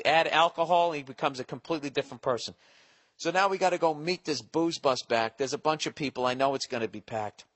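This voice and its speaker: A man's voice: fairly high pitch, a bit bright. A man hosting a podcast, telling a comic story in a rambling, profane, exasperated way. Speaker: podcast host. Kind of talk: comedic storytelling monologue.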